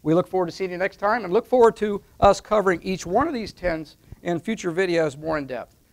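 A man with a slightly raised, gravelly voice walks through a list of business steps one by one. He talks in an emphatic teaching manner and keeps checking in with "okay?" as he points to a board. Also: high voice, a little fast. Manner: step-by-step, emphatic, repeats with "okay?". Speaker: online marketing consultant. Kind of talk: instructional talk at a whiteboard.

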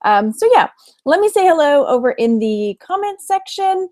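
A woman's voice: high-pitched, very animated, moderate pace, darkish tone, no room sound. Chatty woman livestreamer in her forties. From Texas. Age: 40s. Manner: chatty, greets viewers by name, frequent laughs. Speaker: livestream host. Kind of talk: casual livestream chat.

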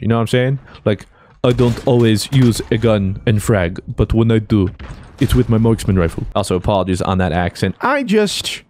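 A man giving jokey, excitable commentary while playing a shooter game, dropping to low mutters and then breaking into shouted cheers. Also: a little hiss or hum. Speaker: gaming YouTuber. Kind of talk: live gameplay commentary. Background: faint gunfire from the game.

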